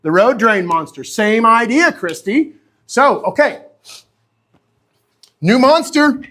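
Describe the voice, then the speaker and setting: A man with a high-pitched voice teaches dog training live online. He talks in an animated, chatty way, keeps checking in with "okay?" and "right?", and answers viewers by name. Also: slow. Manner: replies to viewers' comments by name.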